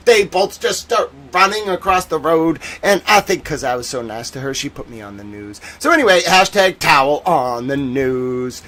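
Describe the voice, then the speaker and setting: A man hosting a casual legal commentary stream, animated and sarcastic, who mocks people in whiny put-on voices. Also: a little high, moderate pace, few pauses. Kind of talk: casual chat.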